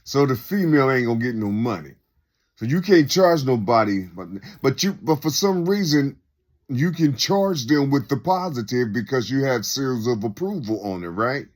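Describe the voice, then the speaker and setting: A man's voice: medium pitch, very animated, normal speed. A man in a rambling, unscripted monologue who keeps asking rhetorical questions and repeating himself. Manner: unscripted, loose and conversational. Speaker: speaker sharing reflections.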